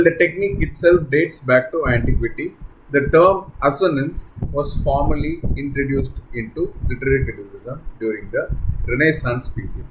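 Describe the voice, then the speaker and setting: Indian English male narrator, mid-pitched, formal scripted lesson read, faint hiss and clicks. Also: poor audio. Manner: steady formal reading with a brief self-correction. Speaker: literature teacher.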